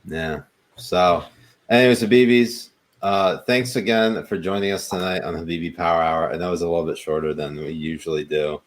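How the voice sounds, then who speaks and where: Young man, very low voice, relaxed podcast co-host, talks loosely with filler. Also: fairly quick. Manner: laid-back, chatty, lots of ums. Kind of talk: casual chat.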